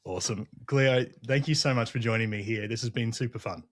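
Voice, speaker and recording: A man hosting a casual interview, upbeat and quick to laugh. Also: mid-range voice. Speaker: podcast host.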